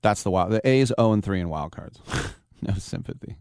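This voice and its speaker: A man hosting a live sports talk radio show, telling baseball stories in a casual, animated way. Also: lowish voice, normal speed, clean tone, no echo, clean studio sound. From San Francisco Bay Area. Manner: storytelling, animated, acts out quotes.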